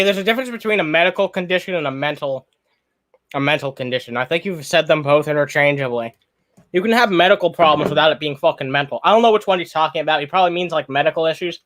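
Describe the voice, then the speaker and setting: He's eating while he streams, so some lines come out through a mouthful as he swears his way through blunt remarks on a video and says hello to chat. The voice is fairly high and fairly bright.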